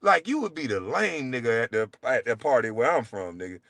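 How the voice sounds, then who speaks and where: A man hosting his own show, delivering a heated, profane solo rant, taunting and swinging between loud jabs and low mutters. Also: sing-song, fairly quick, dry recording, clean studio sound. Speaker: show host.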